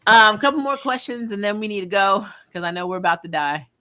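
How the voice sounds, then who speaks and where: A woman's voice: mid-range voice, expressive, a little fast, sharp tone. A woman hosting a casual livestream chat, talkative and laughing often, with frequent ums. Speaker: host.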